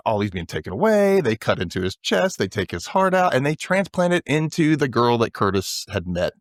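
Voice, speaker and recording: A man's voice: mid-range voice, sing-song, fairly quick, dry recording. A man with a mid-range voice hosts a casual recap chat. He retells scenes with animation and drops into the characters' lines as he goes. The sound is close and dry, with no room around it. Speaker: podcast host.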